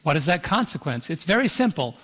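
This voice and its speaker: Brisk and sing-song, a man with a somewhat high, fairly bright voice preaches a full sermon. He stretches verses out, asks the congregation for "Amen", and the church auditorium adds a long reverb.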